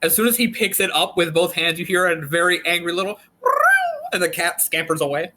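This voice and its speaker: A man's voice: on the high side, fairly even intonation, a little fast, very noisy. A man narrating a tabletop game as game master, in a loose, joking way with frequent laughs.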